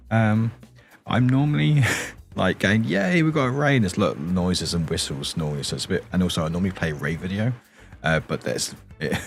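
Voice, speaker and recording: Soft-spoken male streamer with a very low, deep morning voice, rambling chat at a home desk mic, faint music behind. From England. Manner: rambling, chatty, chuckles often.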